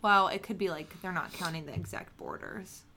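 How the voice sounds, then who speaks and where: A woman co-hosting a casual podcast, playful, with quick reactions and frequent laughter. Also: lowish voice, bright, forceful tone, a little hiss or hum. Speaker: podcast co-host.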